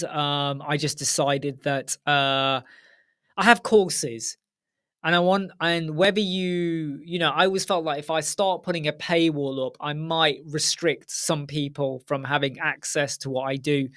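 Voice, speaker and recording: A man's voice: on the high side, fairly bright tone. A middle-aged man hosting a casual live Q&A stream from home, talking frankly and straight to his viewers. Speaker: host.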